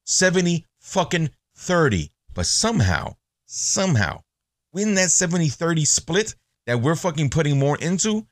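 A man with a slightly high voice speaks at a moderate pace in a dry, clean studio recording. Hosting a podcast, he runs through a blunt, profane, casual monologue with animated storytelling.

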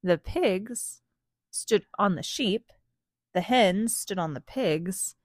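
A young woman gently and playfully reading a picture book aloud to a child. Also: mid-range voice, expressive, slow, no room sound, studio quality. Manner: gentle, playful, gasps for suspense.

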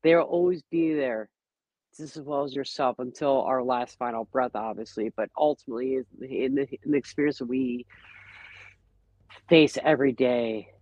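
A man's voice: medium pitch, moderate pace, a little mellow, no echo. A man guest on a podcast, talking casually and earnestly about his feelings and his bond with nature. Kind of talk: casual conversation. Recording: dull, lo-fi podcast audio.

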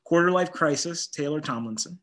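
Bright-voiced man chatting casually. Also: on the high side, a little fast. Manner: chatty, laughs easily, runs through lists. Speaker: podcast co-host, comedian. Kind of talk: casual chat.

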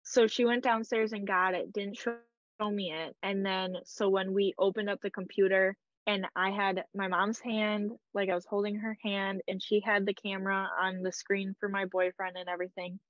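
A woman's voice: medium pitch, level tone, moderate pace, dry recording, lo-fi sound. A young woman telling a personal story in a casual, emotional way, peppered with "like" and quoted dialogue. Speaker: guest.

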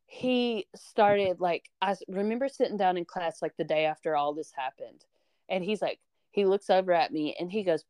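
A young woman hosting a podcast, casually telling a story with animated energy and frequent swearing, acting out the people she quotes. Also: fairly low pitch, moderate pace, no room sound, studio quality. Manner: animated, acts out quoted voices, swears freely. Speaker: podcast host.

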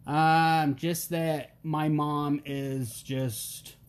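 This middle-aged man speaks extremely slowly, with a clear, resonant tone on the high side. As a podcast guest, he tells family anecdotes in a laid-back, comic way, animatedly voicing the people he quotes.

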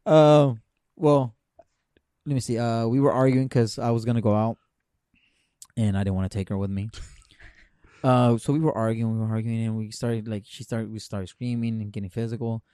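A man's voice: medium pitch, steady tone, moderate pace, long pauses, warm tone, clean tone, no echo, clean studio sound. Rambling young man telling a story. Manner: rambling storyteller with many fillers and swearing. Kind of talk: casual podcast chat.

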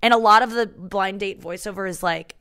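A woman's voice: mid-range voice, fairly quick, pushed and bright, clear, resonant tone, no room sound. A woman in her thirties hosting a comedy podcast, chatting in a rambling, breathless way. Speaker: podcast host. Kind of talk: casual comedy chat.

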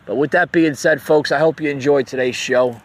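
A man's voice: fairly high pitch, fairly even intonation, a little fast. A man hosting an unscripted opinion podcast, talking in a heated, repetitive way, full of "you know.". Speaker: podcast host.

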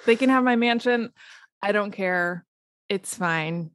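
A woman's voice: medium pitch, takes it slowly, dry recording. A woman co-hosting a casual podcast, wry and profane, laughing often. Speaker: podcast co-host.

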